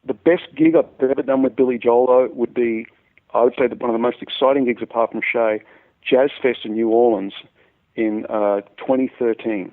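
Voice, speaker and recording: Australian musician telling stories over a tinny line. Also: male voice, medium pitch, moderate pace. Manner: animated storyteller who repeats words as he goes. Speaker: musician guest. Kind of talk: casual anecdote telling.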